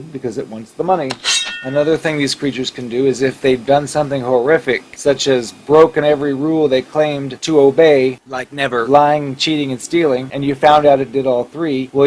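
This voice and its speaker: A man's voice: mid-range voice, rough recording. A man hosting a commentary video, talking in a sardonic, scornful way. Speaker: video host. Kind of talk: commentary monologue.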